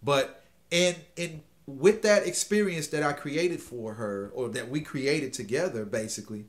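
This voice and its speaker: A middle-aged man hosts, sharing a dating story in a loose, conversational way. His voice sits at an ordinary pitch, and he keeps checking in with "okay?" and "you know.". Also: a little slow. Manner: animated, checks in often with "okay?". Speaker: host giving dating advice. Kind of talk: casual storytelling advice talk.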